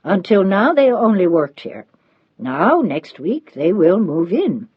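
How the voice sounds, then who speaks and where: A woman's voice: medium pitch, sing-song, slow pace, husky, no echo, lo-fi sound, voice pushed up, heavily acted. A woman reading the part of an elderly Italian housekeeper, devoted and motherly, in a pleading, insistent manner.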